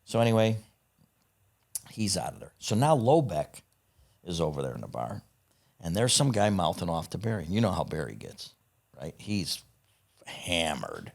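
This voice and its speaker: A man's voice: sits low, wildly swooping pitch, normal speed, creaky, long pauses. A man telling profane stories in casual chat, acting out the people he quotes. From United States. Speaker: podcast guest. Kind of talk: casual storytelling.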